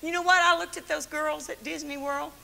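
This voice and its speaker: An older woman teaching the Bible to a women's church gathering in an animated, folksy sermon full of stories and laughs. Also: high-pitched, brisk, vocal fry, a little hiss or hum. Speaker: Bible study teacher and speaker.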